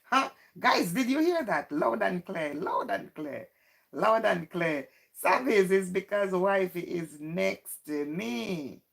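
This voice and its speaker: Woman, live stream host, unhurried, mid-pitched, teasing banter with chat. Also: animated, gravelly. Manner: chatty, teasing, greets viewers by name. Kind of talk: casual live stream chat, reading out viewer comments.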